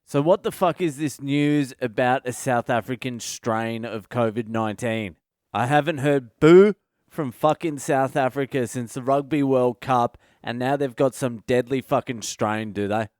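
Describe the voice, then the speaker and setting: A man rants through a comic monologue, swearing freely in a sardonic tone. His voice is smooth and clean, recorded close and dry with no room sound. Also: mid-range voice, darkish tone, dry recording. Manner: profane, ranting, sardonic. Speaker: comedian podcast host. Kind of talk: solo comedic monologue.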